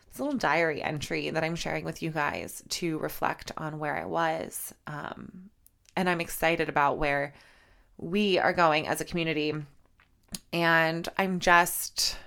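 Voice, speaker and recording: Teary low-voiced woman podcaster. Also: gravelly, fairly bright tone. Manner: heartfelt, gushing, many repeated "very"s and "um"s. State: teary, on the verge of crying. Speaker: podcast host and fitness instructor. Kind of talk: casual solo podcast talk.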